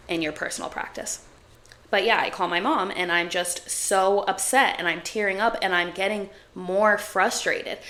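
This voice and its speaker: A young woman in her twenties talks through a solo podcast episode in a loose, chatty way, her "like"s piling up as she reflects. Her voice sits on the low side for a woman and has a gravelly, fried edge. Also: bright, forceful tone. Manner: chatty, heavy use of "like"; reflective and confiding. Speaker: podcast host. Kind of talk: casual solo podcast talk.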